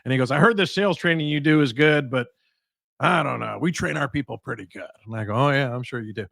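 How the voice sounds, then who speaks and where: A man's voice: medium pitch, quick pace, gravelly, no echo, clean studio sound. A man, a guest speaker and sales trainer, giving advice in a podcast conversation and acting out the people in his stories. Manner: animated storyteller acting out quoted voices.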